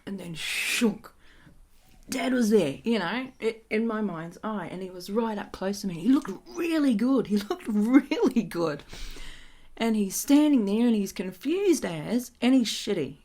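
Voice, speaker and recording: A woman's voice: mid-range voice, lively intonation, a little slow, dark tone. A woman who works as an energy healer, telling a personal story in a casual, frank way and laughing often.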